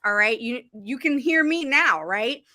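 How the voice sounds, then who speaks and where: A blunt woman advocate talks straight to her audience, her pitch rising and falling as she makes her points. Her voice is bright and forceful, recorded close and dry. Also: a little slow, no echo. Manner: blunt and animated, pitch swinging up and down. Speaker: special education advocate. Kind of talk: casual direct-to-camera talk.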